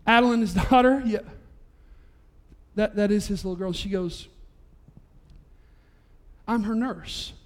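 Male pastor, unusually high voice; animated storytelling sermon delivery. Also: unhurried, long pauses. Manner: storytelling, animated, voice rising to near-shouts at climaxes. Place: church sanctuary.

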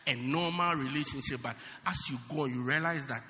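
A man preaching a sermon in a church, animated and teasing, often shouting and then dropping low. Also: a little fast, slight background noise. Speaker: pastor. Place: church hall. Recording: long hall reverb.

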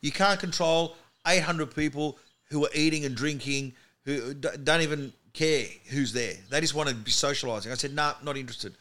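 A comedian telling animated stories as a podcast guest in a studio. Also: male voice, a little high, normal speed, hardly any pauses. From Australia. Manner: animated anecdote teller. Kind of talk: storytelling in podcast chat.

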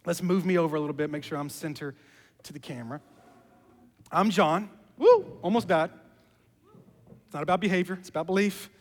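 Guy preaching, high voice, animated then hushed, lots of hall echo. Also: brisk, long pauses. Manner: animated storytelling, drops to hushed emphasis. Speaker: pastor. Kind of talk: sermon.

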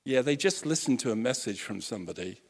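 A man preaching a sermon, telling a story with lively acted-out quotes and frequent restarts. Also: medium pitch, quick pace. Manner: animated storytelling, acts out quotes, self-correcting restarts. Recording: long hall reverb.

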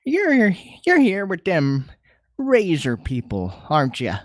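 A cranky old man who has had a few too many drinks , as a man puts him on, barks about beer and his beard in a high, slow, drawling voice. He sounds lively and comes through dry and close. The whole thing is improvised comedic role-play. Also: no room sound, full character voice. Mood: rowdy. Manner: drawling, indignant shouts. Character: cranky, drunk, lecherous old man brawler.

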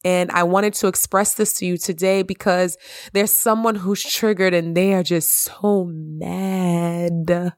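A woman talks alone into her podcast mic at home with an impassioned, emphatic voice that sits in a middle pitch. She repeats her phrases and leaps high when she turns to reassure herself. The sound is dry and close, with no room echo. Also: steady tone, measured pace. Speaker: podcast host. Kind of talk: heartfelt solo podcast monologue. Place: at home in the evening.

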